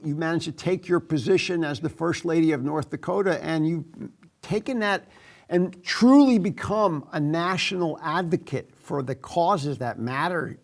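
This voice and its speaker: A man hosting a podcast interview, asking measured, encouraging questions. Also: a little high, gravelly. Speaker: podcast host.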